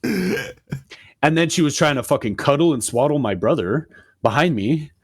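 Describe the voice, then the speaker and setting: A man in his twenties on a podcast, telling a story in an animated, profane rant and acting out what people said. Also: a little high, a little slow, husky. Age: 20s. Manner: animated, profane ranting with acted-out quotes. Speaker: podcast co-host. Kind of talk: casual storytelling chat.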